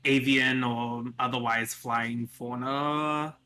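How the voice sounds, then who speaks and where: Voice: medium pitch, steady tone, slow, bright, forceful tone, slight background noise. A player in a tabletop game, casual, thoughtful, asking lots of questions about the world.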